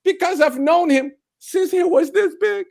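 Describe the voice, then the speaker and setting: A man's voice: extremely high pitch, a little slow, vocal fry, darkish tone, pitched above the performer's own voice, full character voice. A Brazilian-accented man voicing a nervous, hesitant hired gunman who stammers his excuses in a told story. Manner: stammering, pleading.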